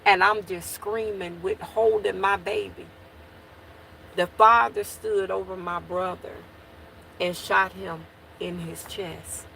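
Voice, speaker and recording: A woman's voice: medium pitch, fairly even intonation, takes it slowly, creaky, pushed and bright, slight background noise. A woman telling an emotional personal story to her viewers. She restarts and repeats herself as she relives it, and she keeps calling out to her listeners.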